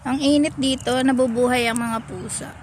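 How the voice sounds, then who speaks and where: A woman vlogging outdoors in the heat, talking slowly and coaxingly to stray cats and calling to them in a high sing-song voice. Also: steady tone, background noise. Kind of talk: casual talk to camera and to cats. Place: outdoors in hot weather, alone.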